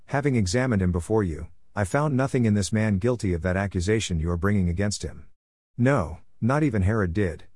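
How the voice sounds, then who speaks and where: A man reading scripture aloud in a plain, measured way, in short phrases. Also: lowish voice, a little mellow, no echo. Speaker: scripture reader.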